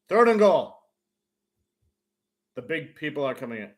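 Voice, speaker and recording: A man with a high voice calls a football game as a fan on his own live stream. He narrates each play in casual play-by-play and breaks into loud cheers when his team scores. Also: unhurried, long pauses. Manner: excitable, bursts into loud cheers.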